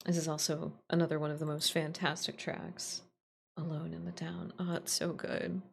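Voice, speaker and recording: Woman streamer, somewhat low pitch, playful teasing chat, laughs often. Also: level tone, moderate pace, creaky, a little hiss or hum. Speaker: VTuber streamer. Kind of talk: casual live-stream chat.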